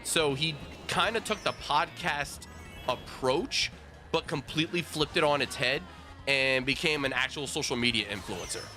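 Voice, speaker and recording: Bright, animated man telling a story. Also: fairly high pitch, moderate pace, faint music behind. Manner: animated, swears freely, lots of restarts. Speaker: streamer host. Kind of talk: casual storytelling while gaming.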